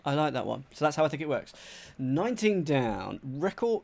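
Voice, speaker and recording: A man from England talks his way through a crossword for a live audience, repeating clues under his breath and reacting with sudden bursts. His voice sits a little high and swings widely in pitch. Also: moderate pace, gravelly. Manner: chatty and animated, thinks aloud, mutters clues, greets chat. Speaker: streamer solving a crossword. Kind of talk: live-stream chat, thinking aloud.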